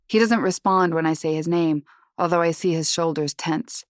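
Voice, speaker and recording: A woman narrating a suspense audiobook in the first person, measured and tense. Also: deep voice, fairly even intonation, no echo.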